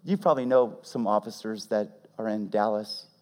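A man preaching a sermon as pastor, swinging from loud emphatic peaks to hushed, almost whispered lines. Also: fairly low pitch, moderate pace. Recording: long reverb of a large hall.

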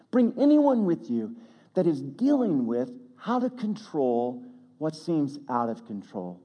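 A man's voice: medium pitch, husky, muffled recording. A man preaching a sermon, telling a story in a folksy, chatty way with self-deprecating asides. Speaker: pastor. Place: church sanctuary. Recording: long hall reverb.

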